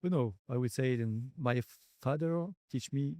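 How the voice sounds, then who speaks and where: A man with a French accent and a mellow, soft-edged tone, speaking English as a second language. He answers interview questions slowly and haltingly, pausing often to find his words. The recording is close and dry, with little room sound. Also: medium pitch, no echo. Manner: halting, searching for words with many pauses. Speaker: company founder and guest. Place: conference venue.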